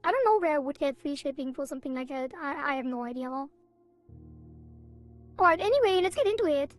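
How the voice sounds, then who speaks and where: A woman's voice: sits high, lively intonation, a little fast, faint music behind. A woman streaming a game, chatting casually with her viewers in a rambling, giggly way with playful sound effects. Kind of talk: casual live-stream chat.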